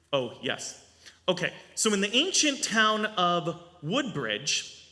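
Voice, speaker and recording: Lively, high-voiced rabbi in a large hall. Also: male voice. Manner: animated, asks the audience questions. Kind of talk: storytelling sermon at a family service. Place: synagogue sanctuary. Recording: long reverb in a large hall.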